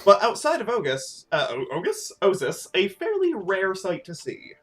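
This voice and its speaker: A man narrating a tabletop role-playing game as game master, with lively asides and laughter. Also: high voice, moderate pace, soft background music.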